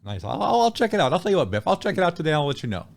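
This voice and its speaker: A man hosting a casual podcast, who introduces guests in a loud, showy announcer style and laughs easily. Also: on the high side, sing-song, rapid-fire, creaky. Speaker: podcast host. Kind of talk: casual chat, comedic intros.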